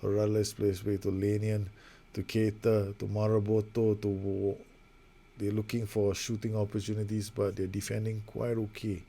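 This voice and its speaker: A man's voice: fairly low pitch, monotone, moderate pace, mellow. A man giving casual, rambling, self-mocking play-by-play commentary over a football management game he is playing. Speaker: gaming video host.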